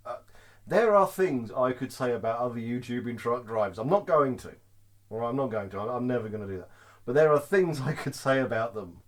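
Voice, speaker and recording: Animated man ranting to camera. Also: mid-range voice, fairly quick. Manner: lively, keeps asking "Yeah?" to the viewer; laughs often between points. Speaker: truck driver vlogger. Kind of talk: casual to-camera rant.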